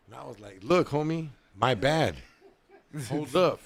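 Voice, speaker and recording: A man in his forties telling a story in a slangy, animated way, saying "dog" often. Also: fairly high pitch, moderate pace. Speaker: comedian guest. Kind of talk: casual storytelling.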